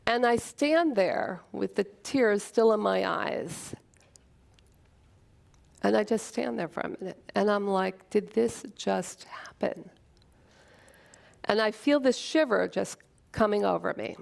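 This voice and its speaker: A woman telling a personal story on stage, earnest and emotional, with dramatic pauses. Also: a little high, creaky. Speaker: speaker at a short talk event.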